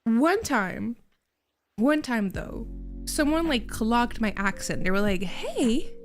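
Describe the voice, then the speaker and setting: A woman's voice: on the high side, animated, slow pace, soft background music. A young woman from Quebec, a native French speaker with a mild Quebec French accent, chatting casually with her stream viewers and laughing often. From Quebec, Canada.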